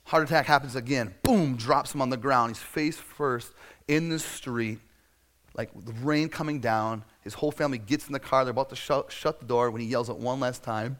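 A man preaching a sermon in a conversational, storytelling way, acting out scenes and sometimes shouting for effect. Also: mid-range voice, a little fast. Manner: conversational and self-deprecating, with frequent fillers. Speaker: pastor.

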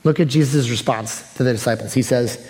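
A pastor preaching a sermon in a relaxed, conversational way that turns soft and earnest. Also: male voice, medium pitch, fairly quick. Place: church sanctuary. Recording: long hall reverb.

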